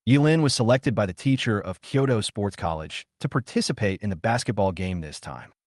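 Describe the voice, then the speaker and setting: A man narrating a comic story recap in a steady storytelling manner. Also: on the low side, fairly quick, no echo, studio quality.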